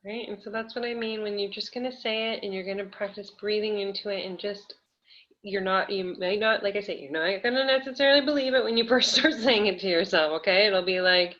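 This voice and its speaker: A woman energy healer guiding a listener gently, with a coaxing, hesitant way of talking. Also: mid-range voice, steady tone, a little fast. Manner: gentle, coaxing, many fillers and laughs. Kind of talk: live energy healing session. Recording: dull lo-fi audio.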